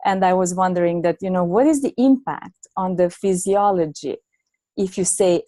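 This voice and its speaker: Reflective middle-aged woman, low mellow voice. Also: normal speed, dry recording. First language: not English. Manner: reflective, many fillers and restarts, laughs often. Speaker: master coach guest. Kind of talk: conversational storytelling.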